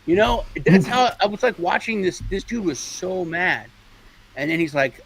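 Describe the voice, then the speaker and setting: Male co-host from Europe, bit high, very animated, acts out quotes. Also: moderate pace, slightly rough, poor audio. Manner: animated storyteller, mimics people. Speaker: podcast co-host. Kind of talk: casual chat.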